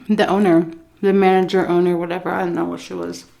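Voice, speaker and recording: A woman vlogger telling a story on an eating vlog, animated and profane, often clearing her throat. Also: on the low side, moderate pace.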